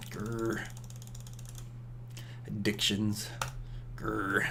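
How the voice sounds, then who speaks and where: A man's voice: medium pitch, lively intonation, unhurried, slight background noise. A man giving casual gameplay commentary, rambling and scolding himself aloud with chuckles.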